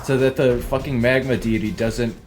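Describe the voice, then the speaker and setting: A man's voice: mid-range voice, fairly even intonation, moderate pace. A young man giving casual gameplay commentary as a streamer, rambling and swearing, and laughing often at his own tangents. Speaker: gaming streamer.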